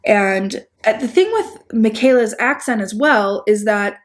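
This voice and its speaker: A woman's voice: medium pitch, measured pace. A woman with a Chicago accent giving rambling, sarcastic commentary on a video, with frequent restarts and asides. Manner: sarcastic, rambling, self-deprecating. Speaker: commentary YouTuber. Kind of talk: casual video-essay commentary.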